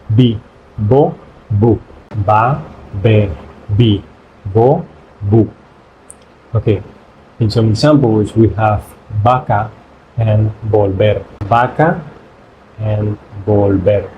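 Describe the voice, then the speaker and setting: A man whose first language is Spanish, teaching pronunciation in English by repeating syllables in slow drills. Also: on the low side, mellow, a little hiss or hum, poor audio. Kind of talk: pronunciation lesson.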